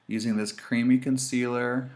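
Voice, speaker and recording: A man demonstrates makeup in an easygoing tutorial, his mid-range voice moving at a moderate pace. He's lively and talkative, addressing the audience directly.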